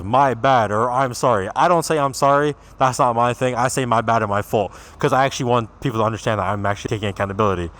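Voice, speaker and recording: Blunt swearing young Toronto man. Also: medium pitch. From Canada. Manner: blunt, swears freely, rambling. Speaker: vlogger. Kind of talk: casual rant to camera.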